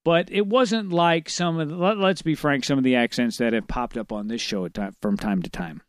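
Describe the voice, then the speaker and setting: A man hosting a podcast in casual chat, excitable, rambling and profane. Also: medium pitch, normal speed, clean tone, no room sound, studio quality. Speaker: podcast host.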